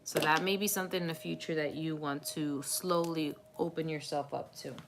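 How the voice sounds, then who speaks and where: A woman's voice: sits low, fairly even intonation, brisk, a little hiss or hum. A woman doing a live tarot reading, talking in a chatty, reassuring way with many fillers and frequent laughs. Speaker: tarot reader.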